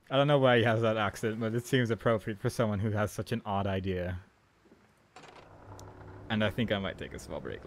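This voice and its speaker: Low-voiced man rambling over a game. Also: fairly quick, long pauses, a little hiss or hum. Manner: rambling, amused, talks to the game. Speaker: let's play commentator. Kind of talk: casual gameplay commentary.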